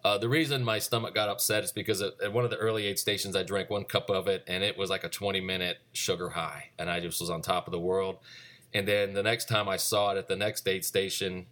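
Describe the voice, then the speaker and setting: A deep-voiced man in his forties talks through his own race in a loose, meandering solo recap. He wanders from point to point, stopping often to hesitate and restart his sentences. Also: fairly even intonation, a bit bright. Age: 40s. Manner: rambling, unhurried, with many "uh" pauses and restarts.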